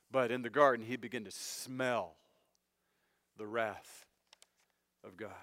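A male pastor preaching a sermon, speaking earnestly and directly to his listeners, swinging from loud emphatic phrases to hushed low ones. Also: dry recording, studio quality. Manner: earnest, direct address to the congregation.

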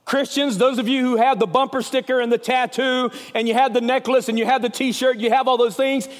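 A man preaching a sermon as an evangelist, with a Southern US accent, telling stories with passion and swinging from loud to hushed. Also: extremely high pitch, level tone, a little fast, big-room sound.

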